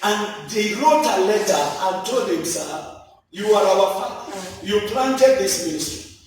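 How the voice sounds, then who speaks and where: A man's voice: high voice, animated, a little slow, slight background noise. A man preaching a sermon with emphatic repetition and scripture quotes, from Kenya. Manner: emphatic preaching, repeating key lines, quoting scripture. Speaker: apostle preaching. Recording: echoey church hall, voice from far off.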